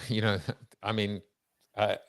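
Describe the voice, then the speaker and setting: A man's voice: on the low side, flat delivery, takes it slowly, fairly bright tone, dry recording. A man hosting an interview podcast, joking and rambling through his questions. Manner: rambling, jokey, with fillers and restarts. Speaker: podcast host. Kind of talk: conversational interview.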